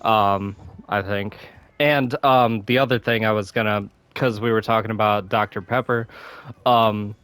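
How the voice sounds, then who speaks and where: A man chatting casually while gaming, rambling with lots of fillers and restarts, coughing and clearing his throat now and then. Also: lowish voice, fairly even intonation, a little slow, a bit bright, no echo. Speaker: gaming channel host.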